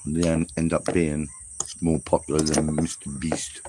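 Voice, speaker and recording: A man's voice: extremely low pitch, flat delivery, unhurried. A man chatting casually on a travel livestream, rambling and talking while he eats breakfast. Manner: rambling, chatty, talks with mouth full while eating. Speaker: travel vlogger. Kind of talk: casual live-stream chat. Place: on the road in Southeast Asia. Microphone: camera set in front of him. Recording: noisy ambience with insects and traffic.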